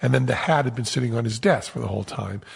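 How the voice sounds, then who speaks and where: A man casually telling a lively anecdote as a podcast host, acting out the quotes. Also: medium pitch, quick pace, gravelly, slightly rough, in a large hall. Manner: animated storyteller, acts out quotes.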